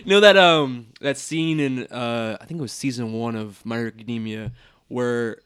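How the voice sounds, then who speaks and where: A young man co-hosting a podcast in casual chat, effusive and quick to laugh, with lots of filler words. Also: medium pitch, fairly bright tone, smooth. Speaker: podcast co-host.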